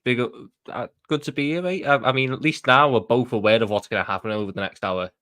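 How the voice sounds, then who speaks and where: A man with a Scouse accent, a guest pundit in a casual football debate, earnest and quick with stumbling restarts. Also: medium pitch, a bit bright, no room sound, studio quality.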